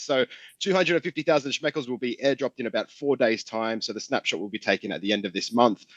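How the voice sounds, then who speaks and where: An Australian man, a guest on a live chat, explaining his project in a friendly, easygoing way. His voice sits in a middle pitch and sounds dry and a little dull. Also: a bit bright, dry recording. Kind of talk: casual chat.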